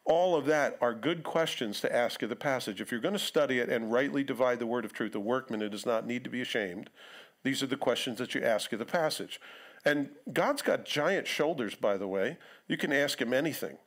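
A middle-aged man preaching in a church in a conversational tone. His voice sits at a medium pitch. He now and then acts out quotes in other voices. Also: fairly quick. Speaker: pastor. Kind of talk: sermon.

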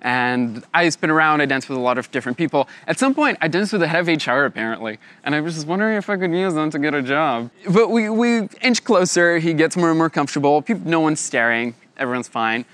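A young man telling a personal story in a lively way, laughing often and acting out the voices of others. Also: a little high, fast talker, few pauses.

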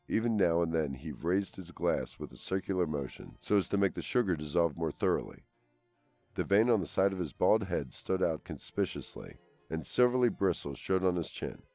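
A man reading a literary short story aloud as an audiobook narrator, in a measured, even storytelling manner. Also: low voice, no echo. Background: faint string trio music.

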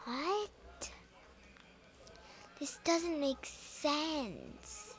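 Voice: medium pitch, animated, takes it slowly, a bit bright. A young gamer commenting on a game with rambling, exasperated talk and silly made-up songs. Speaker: let's play gamer.

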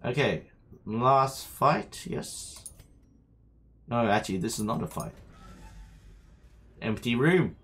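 A man's voice: mid-range voice, animated, slow pace, pauses often, fairly bright tone. A man streaming a game, chatting to himself and his viewers as he plays. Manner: chatty, talks to himself while playing. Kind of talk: live gameplay commentary. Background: faint game music.

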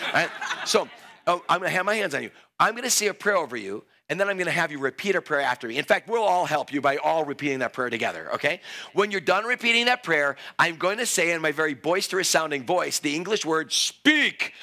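A man preaching an energetic altar call in a church, excitable and playful, exclaiming and joking with the crowd. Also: on the high side. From Greek heritage. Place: church sanctuary.

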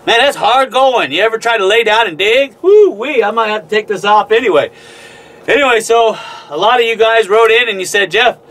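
A gold prospector running his own channel films a casual vlog in a cramped mine tunnel. His voice is extremely high and fairly bright, and he keeps things folksy and playful with whoops of excitement.

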